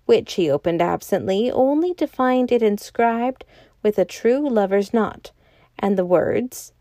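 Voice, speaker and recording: A woman podcast storyteller reading a classic novel aloud in a calm, even voice. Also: medium pitch, a little slow, no echo. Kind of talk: scripted narration of a classic novel.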